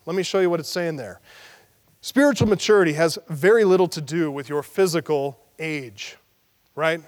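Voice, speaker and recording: A man's voice: fairly high pitch, normal speed, long reverb tail. A man preaching an expository sermon as pastor, emphatic and repeating his key phrases.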